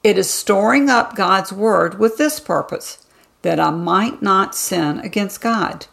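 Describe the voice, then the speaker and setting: A woman reads a scripted devotional teaching as the show's host, calm and measured, leaning on key words. Her mid-pitched voice carries a strong, constant gravelly fry.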